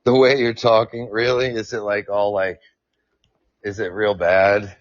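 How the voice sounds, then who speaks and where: Speaking through a new earphones mic, this podcast host has a lowish, flat, unhurried delivery as he casually explains science live, tripping over words and trading jokes with his chat. The audio is lo-fi with no room sound.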